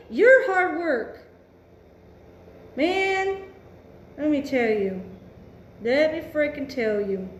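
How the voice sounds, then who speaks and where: A tarot reader with a high-sitting voice gives a casual reading, blunt and emphatic, swearing freely and thinking out loud. The sound is reverberant with slight background noise.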